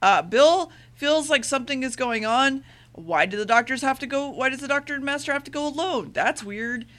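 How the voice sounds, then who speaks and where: A woman with a bright, forceful tone recaps an episode in loose, casual chat. She rushes her words and swears freely, paraphrasing dialogue as she goes. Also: high voice, expressive. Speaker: podcast co-host recapping an episode.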